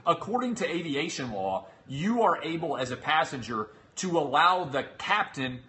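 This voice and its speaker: A man's voice: a little high, big pitch swings, normal speed, bright, forceful tone. A man in his thirties hosting a talk show, retelling an ordeal in an exasperated, sarcastic way. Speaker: show host. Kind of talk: animated storytelling monologue.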